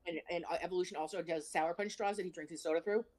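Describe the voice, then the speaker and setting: A woman's voice: fairly low pitch, fairly even intonation, racing, darkish tone. A woman co-hosting a live stream, chatting animatedly and reading viewer comments aloud. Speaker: livestream co-host reading chat. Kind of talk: casual chat.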